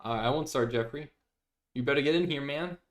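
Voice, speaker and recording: A man's voice: medium pitch, a little fast. Chatty young male streamer. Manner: chatty, reads viewer messages aloud, laughs often. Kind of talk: casual live-stream chat.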